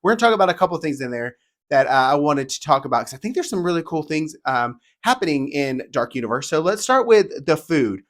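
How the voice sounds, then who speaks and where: A man talking casually and enthusiastically as a theme park vlogger, partly reading descriptions aloud in a rapid-fire, chatty way. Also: fairly high pitch, big pitch swings, fairly bright tone.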